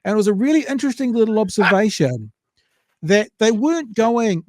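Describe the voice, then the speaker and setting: A man's voice: high-pitched, animated, brisk, a little mellow, no echo. A New Zealand man co-hosting a casual chat, wandering through anecdotes and restarting his sentences. His voice is slightly raised for a man, and the sound is dry and close to the mic. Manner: rambling anecdotal storytelling with restarts and swearing. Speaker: podcast co-host.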